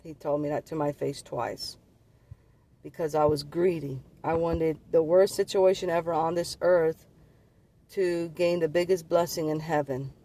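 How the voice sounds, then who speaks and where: Man, earnest spiritual testimony, rambling delivery, voice a little high. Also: fairly even intonation, a little slow, warm tone, a little hiss or hum. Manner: earnest, rambling, repeats and restarts words. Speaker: vlogger sharing visions.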